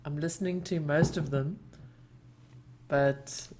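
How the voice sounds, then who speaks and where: A woman guesting on a podcast, speaking slowly and teasing the host with a dry humor. Faint background noise sits under her voice. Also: low-pitched, steady tone. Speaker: guest, host's wife. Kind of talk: casual chat.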